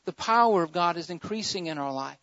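A pastor preaching a sermon, swinging between loud fervent surges and quieter emphatic stretches, repeating key phrases for emphasis. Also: male voice, high voice, lively intonation, fairly quick, no room sound. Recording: dull lo-fi sermon recording.

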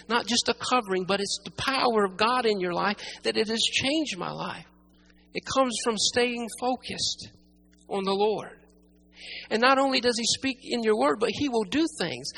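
A preacher delivering a sermon with emphatic delivery, repeating key phrases and swinging between loud, pressing passages and hushed ones. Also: mid-range voice, vocal fry, a little hiss or hum, poor audio.

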